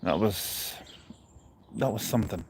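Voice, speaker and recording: A man's voice: on the low side, unhurried, background noise. A man making dry wisecracks in casual chat while out train spotting. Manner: dry wisecracks, hesitant restarts. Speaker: vlog co-host. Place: outdoors at a railway station.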